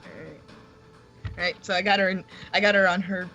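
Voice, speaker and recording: A woman's voice: on the low side, steady tone, brisk, sharp tone, dull audio, soft background music. A woman playing a tabletop game, speaking hesitantly and laughing often. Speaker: player.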